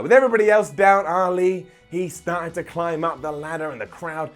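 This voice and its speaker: A man's voice: a little high, fairly quick, few pauses. A young man recapping a wrestling show in an opinionated, sarcastic way, with jokey asides. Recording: light background music.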